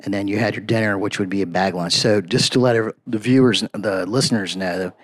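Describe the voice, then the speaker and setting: A man's voice: fairly low pitch, steady tone, quick pace. Man telling stories in a rambling way. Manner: rambling storyteller, peppers talk with "man" and "you know". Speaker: podcast guest. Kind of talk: casual podcast chat.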